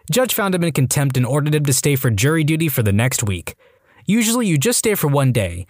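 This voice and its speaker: Lively man narrating stories. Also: mid-range voice, fairly quick, no echo, studio quality. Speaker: narrator reading online stories. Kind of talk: scripted narration.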